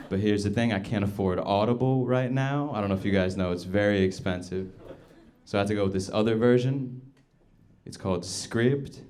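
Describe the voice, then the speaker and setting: A man doing a stand-up comedy set on a club stage with a slow, laid-back delivery. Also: fairly low pitch. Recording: loud crowd laughter behind.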